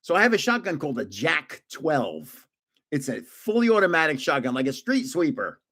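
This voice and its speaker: Casually recounting gaming stories, a 70-something livestream host laughs often, stays animated and restarts his sentences. His voice is a touch high, at a moderate pace.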